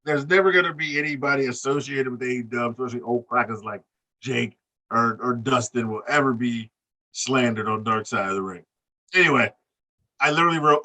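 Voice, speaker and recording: A man on a casual wrestling podcast, talking loud and animated, cursing freely and laughing. His voice is bright and forceful. He sits a little back from the mic. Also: medium pitch, normal speed, distant mic. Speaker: podcast co-host recapping wrestling. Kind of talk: profane casual chat.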